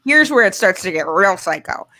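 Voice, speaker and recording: A woman's voice: medium pitch, very animated, moderate pace, pushed and bright, a little hiss or hum. Rambling woman telling a dating story. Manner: rambling, filler-heavy, self-mocking. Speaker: guest comedian. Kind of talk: candid storytelling.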